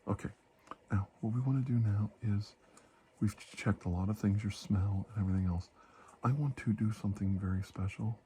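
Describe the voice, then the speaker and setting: A man in a whispered role-play as a doctor giving a calm exam, soft-spoken and gently reassuring. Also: fairly low pitch, a little fast, slight background noise. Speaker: ASMR creator playing a doctor.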